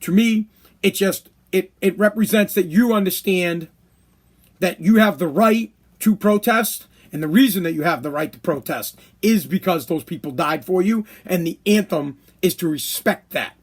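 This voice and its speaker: A man's voice: sits high, normal speed, husky. A man hosting his own podcast, ranting bluntly in a casual monologue and swearing often. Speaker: podcast host.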